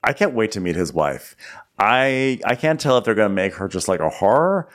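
A man's voice: very animated, moderate pace. A man co-hosting a comedy podcast, recapping a TV episode and jumping into mocking character voices. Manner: playful, mimics characters in high voices. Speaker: podcast co-host.

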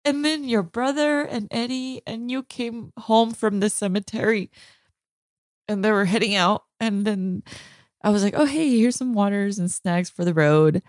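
Female podcast co-host, emotional and tender, mid-pitched, recorded close and dry. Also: measured pace, darkish tone, no room sound. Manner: emotional, tender, laughs through hard moments. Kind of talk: heartfelt conversation with her husband.

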